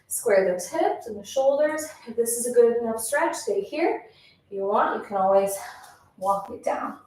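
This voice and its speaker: A woman's voice: fairly high pitch, lively intonation, normal speed, a little mellow. A woman teaching a pilates class, counting reps and giving encouraging cues, a little out of breath. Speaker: pilates instructor. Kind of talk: workout instruction. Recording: echoey room, mic at a distance.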